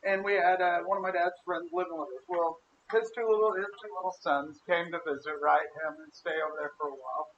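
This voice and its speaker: Animated crude storyteller, high bright voice. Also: male voice, fast, highs cut off, a little hiss or hum. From Ohio. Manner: crude, animated storyteller who acts out quotes. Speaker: podcast co-host. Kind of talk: casual storytelling chat.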